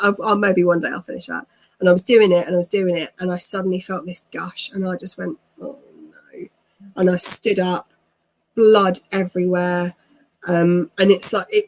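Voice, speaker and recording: A woman in her thirties, an interview guest telling her own story in a chatty way. She laughs often and acts out what people said. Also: fairly low pitch. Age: 30s.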